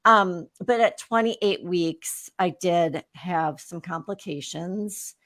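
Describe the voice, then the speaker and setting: On an interview show, a female guest in her fifties tells her own story frankly and with lots of energy, acting out conversations she remembers. Her voice is on the low side and she speaks slowly.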